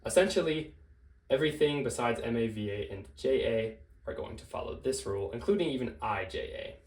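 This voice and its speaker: A man's voice: medium pitch, a little fast. Guy walking through grammar rules, lots of ums and self-corrections, kinda roomy echo. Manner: relaxed, with frequent fillers and self-corrections. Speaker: language teacher. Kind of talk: casual explanatory lesson.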